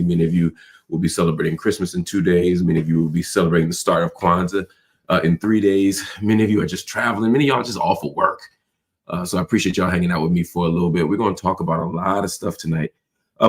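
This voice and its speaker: Man, very deep voice, hoarse with a cold, casual livestream host, chatty y'all talk. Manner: loose, conversational, addresses viewers as y'all.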